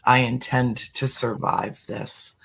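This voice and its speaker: A middle-aged speaker talking earnestly about spirituality as a podcast guest, slowing down to stress words. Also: mid-range voice, flat delivery, creaky, fairly bright tone, breathy edge. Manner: earnest, emphatic, slows for emphasis. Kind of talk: heartfelt spiritual talk.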